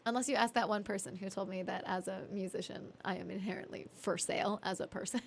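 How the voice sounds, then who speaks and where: A woman's voice: mid-range voice, steady tone, fast, gravelly, slight background noise. A woman streaming live from home, chatting and laughing between songs, sleepy and reading chat aloud. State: sleepy, yawning. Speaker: music streamer.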